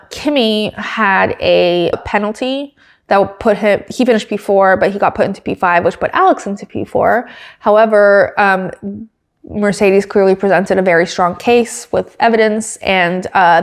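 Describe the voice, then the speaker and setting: A woman hosting a podcast, recapping a race in a casual, excitable way with lots of filler words. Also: medium pitch. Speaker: podcast host.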